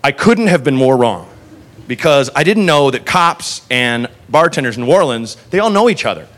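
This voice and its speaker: Animated male stand-up storyteller. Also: medium pitch, normal speed. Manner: animated, laughing through lines. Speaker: stand-up comedian.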